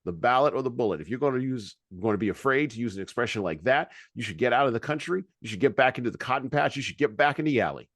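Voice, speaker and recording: A man's voice: medium pitch, lively intonation, no room sound. A man co-hosting a podcast, reading long speech excerpts aloud between hesitant, filler-heavy asides. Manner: halting with many fillers in commentary, more forceful when quoting. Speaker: podcast co-host.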